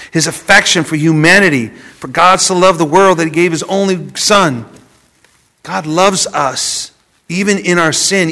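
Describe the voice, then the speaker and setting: A man preaching a sermon, dropping from loud emphasis to a hushed near-whisper and often repeating words as he goes. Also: fairly high pitch. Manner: repeats words as he searches for phrasing.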